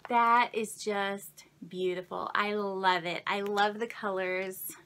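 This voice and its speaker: A woman's voice: mid-range voice, fairly even intonation, slow pace, slight background noise. A young woman vlogger chatting casually to camera as she unwraps crafting gifts. She gushes, exclaims often and thanks the sender again and again. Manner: gushing, effusive, keeps saying thank you; exclamations and soft laughs. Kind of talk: casual unboxing chat to camera.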